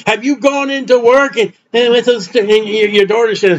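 High-voiced man preaching bluntly. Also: steady tone, normal speed, a little hiss or hum. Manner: rambling, blunt, conversational preaching. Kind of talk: informal sermon. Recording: dull lo-fi recording.

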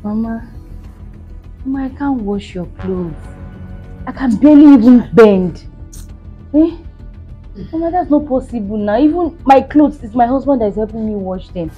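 A woman's voice: fairly high pitch, expressive, normal speed, long pauses, slightly rough, highs cut off, faint music behind. A woman playing a tired, pregnant Nigerian young wife in a comedy skit, pleading and apologetic.

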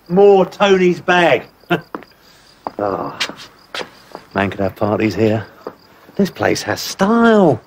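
A man's voice: on the high side, slight background noise. An actor playing a brash, boorish Englishman who blusters, laughs a lot and speaks crudely. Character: brash loud Englishman, boorish house hunter. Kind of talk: TV drama acting.

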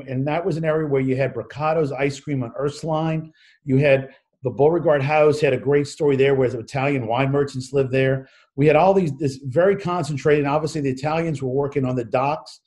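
A man's voice: a little high, a little mellow. A man, co-hosting a casual talk show over a video call, enthusiastic and rambling, stumbling over his words. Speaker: co-host.

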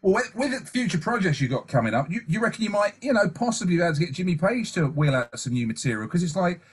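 Radio host guy, high husky voice, bounces all over, chatty. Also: very animated, fast. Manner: chatty, laughing along, storytelling. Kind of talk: radio interview.

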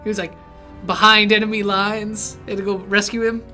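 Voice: mid-range voice, level tone, brisk, sharp tone, faint music behind. A game streamer giving casual, joking commentary while playing, often poking fun at the voice acting. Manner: joking, laughing, doing bad impressions.

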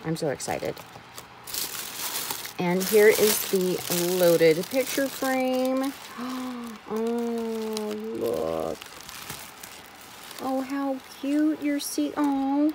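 A woman excitedly unboxing craft supplies in a casual vlog, gushing with frequent gasps and exclamations. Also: mid-range voice, a little hiss or hum, low-quality recording. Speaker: craft vlogger unboxing a swap package.

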